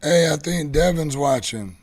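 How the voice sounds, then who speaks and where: A man's voice: on the high side, animated, measured pace, a crowd in the background. A man hosting a casual livestream giveaway show, talking in a loose, rambling way and swearing offhandedly. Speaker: show host.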